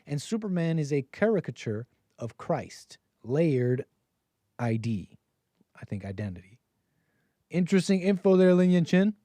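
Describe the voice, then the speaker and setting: A man's voice: fairly high pitch, sing-song, measured pace, long pauses, mellow, dry recording. Chuckling, rambling livestream host man. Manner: rambling, chuckling, reads viewer messages aloud. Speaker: host of a call-in stream. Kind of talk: casual livestream commentary.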